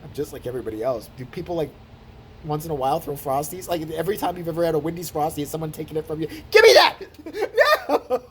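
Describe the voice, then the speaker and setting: A man's voice: fairly high pitch, racing, a little hiss or hum. A tired man ranting on camera in a profane, sarcastic, comedic style. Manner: animated, swearing, sarcastic. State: tired from little sleep. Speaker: vlogger.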